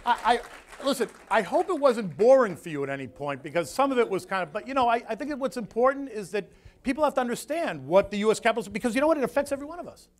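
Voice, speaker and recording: A man from the United States, a floor broker speaking as guest, telling a story in a rambling, animated way that repeats his words. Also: extremely high pitch, fast, a faint crowd. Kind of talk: casual emotional storytelling talk.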